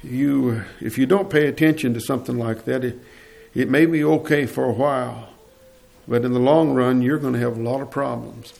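A man voicing a calm, kindly doctor who speaks in a quiet, measured way. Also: mid-range voice, creaky, natural voice. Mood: grave. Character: calm, kindly middle-aged male doctor.

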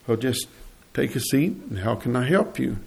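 A preacher doing a quiet, kindly doctor. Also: male voice, mid-range voice, lively intonation, moderate pace, gravelly. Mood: calm. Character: calm, kindly middle-aged male doctor.

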